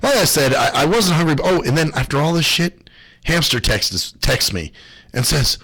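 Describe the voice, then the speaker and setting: A man's voice: fairly quick, husky, rough recording. A man hosting his own radio show, talking in a loose, rambling monologue full of swearing and gripes. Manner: profane, ranting, lively swings in pitch.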